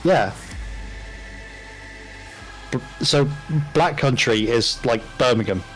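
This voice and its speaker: A man's voice: medium pitch, animated, slow pace, a bit bright, faint music behind. Swearing British man on a paint stream. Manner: swears freely, laughs often, drops into mock voices. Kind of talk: casual chat on a live stream.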